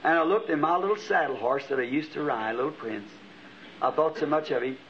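A man's voice: a little high, brisk, a bit bright, a little hiss or hum. A middle-aged man preaching a sermon, telling a vision as a story with impassioned rising exclamations. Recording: dull lo-fi archival tape.

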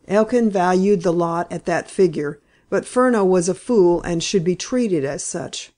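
A woman reading a novel aloud in steady, even scripted narration. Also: on the low side, measured pace, hardly any pauses. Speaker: audiobook narrator.

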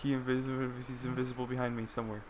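A man's voice: mid-range voice, little pitch movement, rapid-fire, noisy background. A man playing a horror game with friends, jumpy and panicky, shrieking and laughing often. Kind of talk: excited gaming chat. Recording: music in background. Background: game music.

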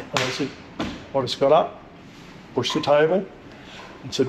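An Australian man chats bluntly on a podcast, spinning stories and swearing freely. His voice sits a little high for a man. The room is echoey, with a faint hum of ambience behind him. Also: moderate pace, pauses often. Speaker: podcast guest. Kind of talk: casual chat.

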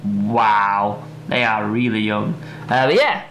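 A man chatting casually in a home vlog, often breaking into high excited squeals. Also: slow pace, roomy sound, soft background music. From United Kingdom. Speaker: vlogger. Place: house.

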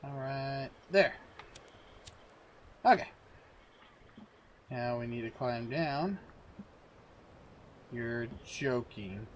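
A man's voice: mid-range voice, animated, drawn-out words, pauses often, slight background noise. A man hosting a let's-play video, chatting casually to viewers and himself while he plays. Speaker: gaming video host.

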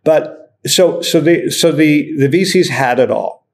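A middle-aged man speaking as an investor guest in a casual podcast interview, blunt, cynical and quick to swear. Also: on the high side.

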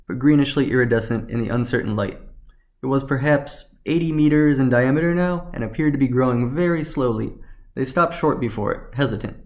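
A man narrating a science fiction story in a steady, even reading. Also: medium pitch.

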